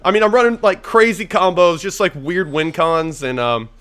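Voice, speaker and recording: A man's voice: sits high, moderate pace, fairly bright tone. Profane, rambling young man gaming. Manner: rambling, profane, thinking aloud. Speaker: gaming YouTuber. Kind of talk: casual gameplay commentary.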